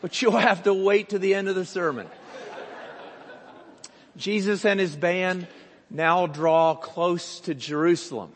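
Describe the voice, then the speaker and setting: Slow-speaking pastor in a reverberant church. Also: male voice, high-pitched, steady tone, a faint crowd, a little hiss or hum. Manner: slow, deliberate storytelling with quoted voices. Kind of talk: sermon with storytelling. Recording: long reverb of a church hall.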